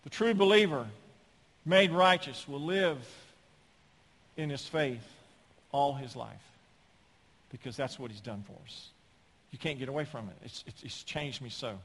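Guy preaching a sermon, kinda high voice, gets loud on big points, jokes around, echoey church. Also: a little slow. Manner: emphatic, rising to loud peaks, with folksy humor. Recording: long hall reverb.

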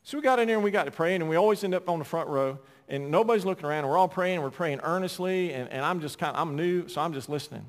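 A pastor preaches to his congregation, his voice sitting a little high for a man. He rises to loud, emphatic cries and drops back to hushed storytelling. A long reverb trails his words through the hall. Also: racing, hardly any pauses. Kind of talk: sermon.

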